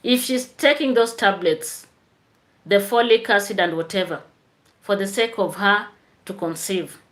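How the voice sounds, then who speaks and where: A woman's voice: medium pitch, measured pace, fairly bright tone. A woman teacher hosting a chatty live stream, tired after work, answering viewer comments.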